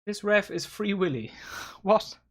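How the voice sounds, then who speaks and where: Excitable young man, bright voice. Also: sits high, takes it slowly. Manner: excitable, swearing, addresses viewers as lads. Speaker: watchalong host. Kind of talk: live match commentary.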